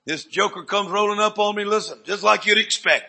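Gravelly high-pitched preacher. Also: male voice, a little fast, few pauses. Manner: dramatic storyteller, sudden swings from hushed to loud. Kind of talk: sermon testimony storytelling.

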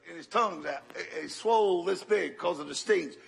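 An older man preaching a sermon, telling a story dramatically and swinging from loud bursts to hushed tones. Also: high-pitched, normal speed, creaky, slightly rough.

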